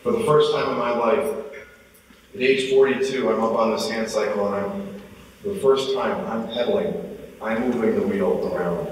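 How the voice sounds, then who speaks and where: A man in his forties giving a motivational speech, telling a personal story and getting more animated as he goes. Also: on the low side, moderate pace, slight background noise. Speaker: motivational speaker. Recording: echoey hall, from far off.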